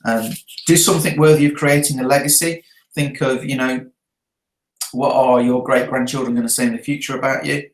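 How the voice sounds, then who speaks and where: A man's voice: medium pitch, steady tone, brisk. Man, sales coach, reviewing seminar notes, earnest, checks in often, echoey room. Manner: earnest, checks in with a frequent tag question. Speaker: network marketing trainer. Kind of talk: talking through event notes.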